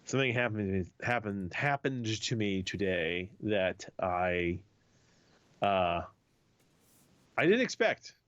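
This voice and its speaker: Male co-host, low voice with lively swings, teasing storyteller, dry dull recording. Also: takes it slowly, long pauses, no echo. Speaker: podcast co-host. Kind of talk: casual chat.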